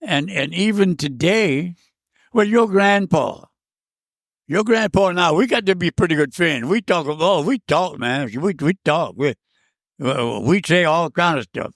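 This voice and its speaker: A man's voice: fairly high pitch, lively intonation, unhurried, gravelly, no echo, studio quality. A man, telling old stories as a podcast guest, rambling and repeating words as he goes. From South Louisiana. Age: 90s. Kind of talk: casual storytelling interview.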